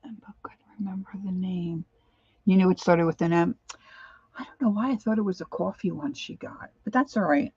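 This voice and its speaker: Older woman, gravelly lively voice, rambling livestream chat, dull lo-fi sound. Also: fairly low pitch, fairly quick, no echo. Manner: chatty, greets viewers by name, rambling. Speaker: craft livestream host. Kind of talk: casual livestream chat while crafting.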